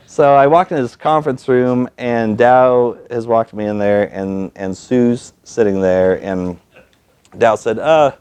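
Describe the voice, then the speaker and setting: A man at a storytelling event, telling a personal story in an animated, self-mocking way and acting out the people he quotes. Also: mid-range voice, measured pace, smooth.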